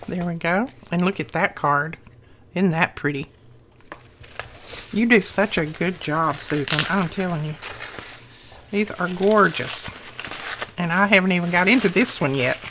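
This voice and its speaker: Middle-aged woman, craft vlog host, unhurried delivery, effusive, gushing over every item. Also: lowish voice, noisy background. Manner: slow, lingering delivery. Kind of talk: unboxing happy mail.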